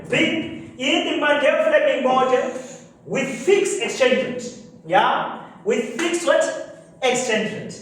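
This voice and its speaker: A male lecturer teaching a class, prompting students to finish his sentences with fill-in-the-blank questions. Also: very high-pitched. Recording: very echoey room from far off, faint noise.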